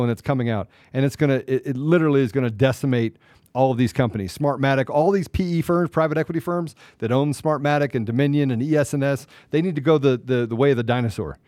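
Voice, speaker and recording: A man co-hosting a political talk show, angry and emphatic, swinging between loud outbursts and low muttering. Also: fast, no echo. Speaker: podcast co-host.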